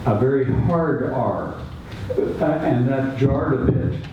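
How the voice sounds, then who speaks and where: A man from the audience asking a question in a halting way, repeating his words. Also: medium pitch, lively intonation, noisy background. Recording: echoey hall, distant mic, dull sound.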